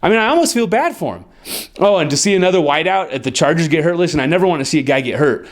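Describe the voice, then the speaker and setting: A man giving football predictions as an analyst, excitable and sarcastic, with his voice jumping up when he gets worked up. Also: racing. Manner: jumps high in pitch when worked up. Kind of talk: sports predictions monologue.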